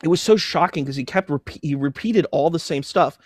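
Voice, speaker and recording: A man as a guest on a livestream talk show, chatting casually in an animated, exasperated way. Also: on the high side, brisk, dry recording, studio quality.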